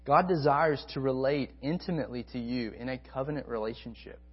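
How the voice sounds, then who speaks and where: A man preaching a sermon to a college ministry, emphatic, repeating key phrases and swinging between loud stresses and soft asides. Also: mid-range voice, fairly even intonation, fairly quick, slightly rough, highs cut off.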